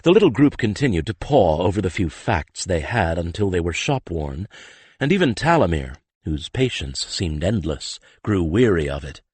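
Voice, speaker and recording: Husky, deep-voiced male audiobook narrator. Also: sing-song, moderate pace, darkish tone, no echo.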